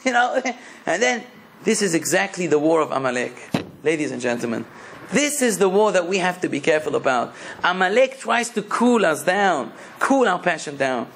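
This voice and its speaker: A man's voice: high-pitched, lively intonation, normal speed, a bit bright, slight background noise. A man, a rabbi, giving a sermon in a passionate, emphatic preaching manner.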